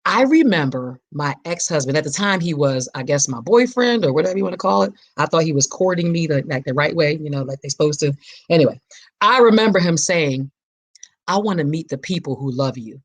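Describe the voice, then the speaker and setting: A woman's voice: sits low, animated, fairly quick. A woman in her forties hosting a podcast, talking in an emphatic, preacher-like way and repeating her key phrases. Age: 40s. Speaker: podcast host. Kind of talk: personal reflective podcast talk.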